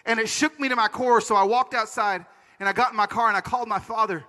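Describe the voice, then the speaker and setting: A man giving a conference talk, telling stories in an animated, comic way. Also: high voice, quick pace. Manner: animated, comic, acts out voices. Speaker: conference speaker. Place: conference stage. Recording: large hall reverb.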